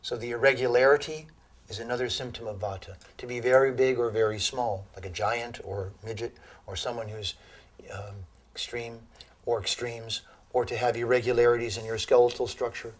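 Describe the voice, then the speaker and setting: A man giving a lecture on Ayurveda to an audience, telling animated stories and laughing at his own jokes. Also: mid-range voice, a little fast. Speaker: Ayurveda teacher.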